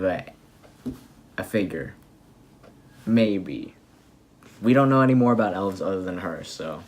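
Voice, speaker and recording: A young man casually recapping an anime episode, rambling and excitable with lots of fillers and restarts. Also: fairly low pitch. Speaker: anime reviewer.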